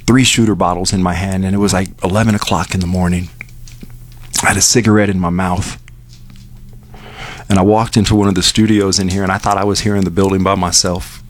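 A man with a fairly low voice speaks from a radio station studio. He tells a personal story openly, the way a DJ talks to listeners. He raises his pitch when he acts out what people said. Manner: candid storytelling, acts out dialogue with lifted pitch.

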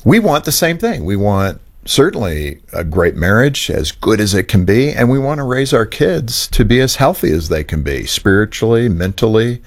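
A man's voice: on the low side, normal speed, few pauses. A man hosting a radio talk show, telling stories in an earnest, conversational way. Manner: earnest, storytelling, animated.

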